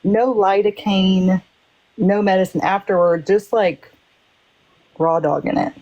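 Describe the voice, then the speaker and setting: A woman's voice: mid-range voice, steady tone, takes it slowly, dark tone, dull audio. A woman in a casual group discussion, telling a personal story candidly and emphatically, acting out what others said. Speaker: panel participant.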